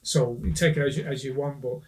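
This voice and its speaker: Podcast host: man, mid-pitch, a bit off-mic, hesitant and agreeable. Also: fairly quick, a little hiss or hum. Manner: hesitant, restarts often, agrees readily. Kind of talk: casual conversation.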